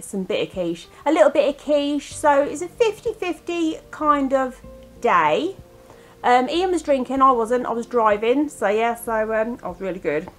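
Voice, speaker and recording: High, giggly chatty woman vlogger. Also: low-quality recording. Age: 40s. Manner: chatty, giggly, self-mocking. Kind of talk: casual chat to camera.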